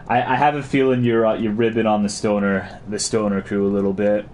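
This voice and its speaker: A man's voice: fairly low pitch, level tone, unhurried, a little mellow, slight background noise. A man streaming a game, chatting casually and crudely as he reads and answers his chat.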